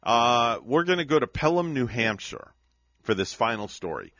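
A man's voice: medium pitch, sing-song, normal speed, fairly bright tone, dry recording, highs cut off. A man hosting a radio morning show, reading odd news stories aloud and joking with his co-host. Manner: playful, laughs while reading.

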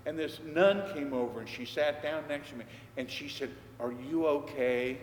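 Older priest preaching in an echoey hall. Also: male voice, on the high side, normal speed. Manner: conversational storyteller, acting out dialogue. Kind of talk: storytelling sermon. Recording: echoey church hall, faint background noise.

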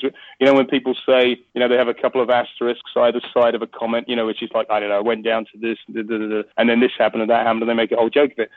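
Fast-talking man on a tinny call line. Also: medium pitch, no room sound. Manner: rambling, swears freely, laughs often. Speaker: podcast guest. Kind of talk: casual interview chat. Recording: tinny phone line, dry.

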